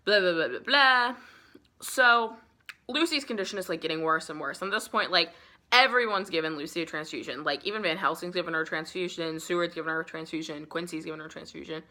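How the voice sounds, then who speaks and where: Her voice is fairly low in pitch, pushed and bright, and she speaks quickly. A young woman in her twenties with a bit of a buzz, she retells a classic novel for her book vlog in a rambling, profane way packed with "like."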